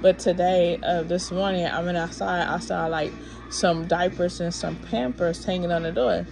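A woman's voice: fairly low pitch, fairly even intonation, normal speed, vocal fry, music in the background. A woman vlogging a frustrated, rambling rant while drowsy from pain pills. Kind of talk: casual ranting to camera.

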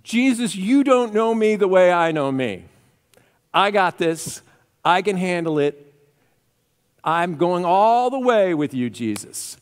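A hot-headed male disciple blusters loudly and defiantly, as a preacher acts him out. His voice is pitched fairly high with big animated swings. Everything rings in a long church-hall reverb. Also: takes it slowly, exaggerated voice. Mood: boastful.

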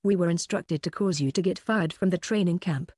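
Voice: medium pitch, a little fast, a little mellow, no room sound, lightly acted. A narrator voicing a terrified teenage boy who pleads fearfully under interrogation. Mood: pleading.

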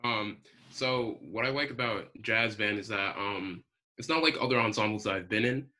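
Teen student, lowish pitch with a sharp bright edge, hesitant answers over a video call. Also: male voice, moderate pace, rough recording. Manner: hesitant, many ums. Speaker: student musician. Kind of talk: interview answers.

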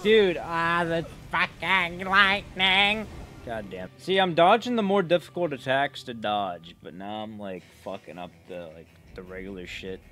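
A man's voice: on the high side, unhurried, faint music behind. A man giving casual gameplay commentary, swearing and trash-talking the bosses. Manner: profane, excitable, trash-talks bosses. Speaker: gaming video creator.

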